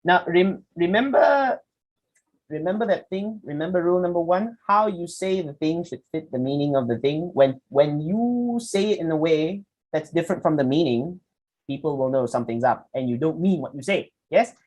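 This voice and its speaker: A young man, teaching a public speaking workshop in an animated way. He asks the audience questions and acts out quick examples. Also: on the high side, rough recording. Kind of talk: lecture presentation with slides.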